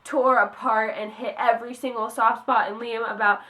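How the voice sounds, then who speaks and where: A woman's voice: a little high, fairly even intonation, sharp tone. A young woman reviewing a book on her channel, talking casually and emotionally, with many fillers. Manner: gushing, emotional, fast with many "like"s.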